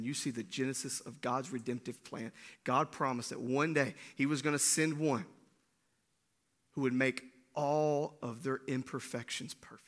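A man preaching a sermon, swinging between loud bursts and hushed lines, often asking "right?". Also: medium pitch. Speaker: pastor.

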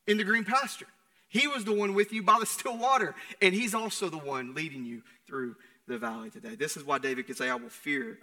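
A young adult man preaching a sermon in a conversational way, moving between loud and hushed passages. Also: sits high, in a large hall. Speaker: pastor. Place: church sanctuary.

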